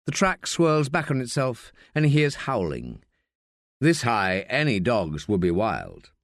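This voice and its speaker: A man reading an audiobook as narrator, measured and expressive. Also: mid-range voice, dry recording, studio quality. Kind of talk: scripted narration.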